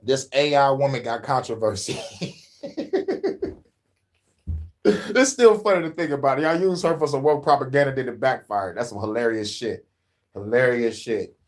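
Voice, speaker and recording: A man's voice: mid-range voice, moderate pace, long pauses. A man doing casual commentary, slangy and profane, laughing often as he reacts to a video.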